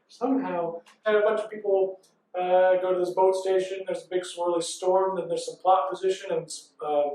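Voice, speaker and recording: Breathless run-on storyteller, a man in his 30s. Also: high-pitched. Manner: breathless, run-on storytelling with frequent ands and laughs. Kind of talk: rambling comic recap. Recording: echoey hall from far off.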